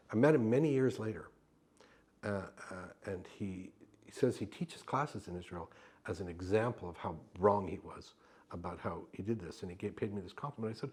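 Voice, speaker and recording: A man being interviewed, telling a story in an emphatic, animated way and acting out the exchanges he describes. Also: on the low side, fairly quick, breathy edge. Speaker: actor interviewed for an oral history.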